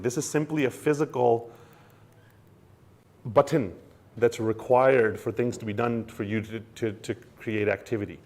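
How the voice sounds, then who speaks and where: A man hosting a casual explainer, talking in an animated way with many restarts and acting out quoted lines. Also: medium pitch. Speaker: co-host explaining crypto wallets.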